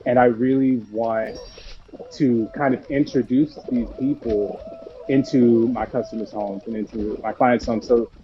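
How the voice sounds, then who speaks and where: A man's voice: mid-range voice, steady tone, unhurried, noisy background. A man chatting earnestly as a guest about his small business. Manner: earnest, reflective. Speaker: candle company founder guest. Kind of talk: casual chat. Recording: dull lo-fi audio with music behind.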